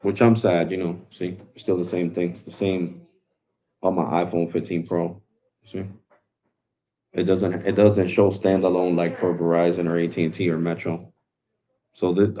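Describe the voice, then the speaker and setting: Casual male tech streamer, low voice, slangy and relaxed, muffled lo-fi audio. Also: moderate pace. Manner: laid-back, slangy, calls viewers bro. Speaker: tech live stream host. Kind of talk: casual live stream talk. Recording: dull lo-fi sound.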